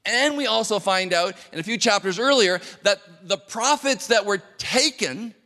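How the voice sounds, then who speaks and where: A man's voice: sits high, animated, moderate pace, bright, forceful tone. Earnest male pastor preaching in a reverberant hall. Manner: earnest, conversational preaching with repeated words. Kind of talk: sermon.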